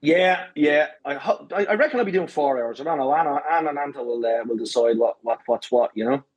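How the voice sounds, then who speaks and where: A man with an Irish accent, a podcast guest telling a lively anecdote full of swearing and "right?"s. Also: a little high, brisk, husky, lo-fi sound. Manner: animated, swears freely, says "right?" often. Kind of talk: casual storytelling.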